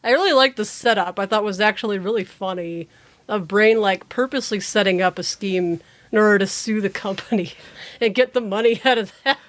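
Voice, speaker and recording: A woman co-hosting a casual chat, relaxed and easygoing, often trailing off softly. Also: medium pitch, fairly quick. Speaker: podcast co-host.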